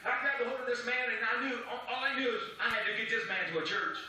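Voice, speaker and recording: A man giving a dramatic religious testimony, excited, repeating himself and acting out the voices in his story. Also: very high voice, fast talker. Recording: echoey room, distant from the mic.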